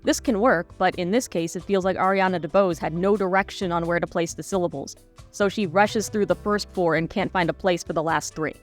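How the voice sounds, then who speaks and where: A woman's voice: lowish voice, fairly quick, faint music behind. A woman narrating a scripted video essay in a wry, analytical manner.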